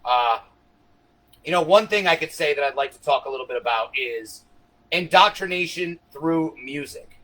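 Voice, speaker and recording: A man with a high, bright voice delivers a long, unscripted livestream rant, swearing freely and speaking directly to his audience. He rambles between points and leans into a conspiratorial tone, coaxing viewers to follow along. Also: lively intonation, moderate pace, rough recording. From United States. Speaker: livestream host.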